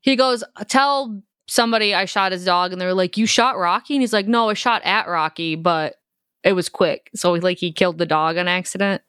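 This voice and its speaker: A woman's voice: lowish voice, normal speed, clean tone, no echo, clean studio sound. A woman co-hosting a podcast, recapping a movie in casual chat and acting out the characters' lines. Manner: animated retelling, acts out characters' lines, swears freely. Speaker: podcast co-host.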